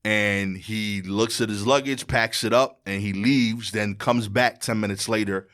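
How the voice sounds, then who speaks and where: A man from Brooklyn holds forth as a podcast guest. He tells his story in street slang and acts out each character in turn. His voice climbs high and loud, then sinks low and quiet. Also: steady tone, unhurried. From Brooklyn, New York. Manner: slangy, acts out quoted exchanges, voice drops low and quiet near the end. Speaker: stand-up comedian, podcast guest. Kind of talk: animated storytelling in casual chat.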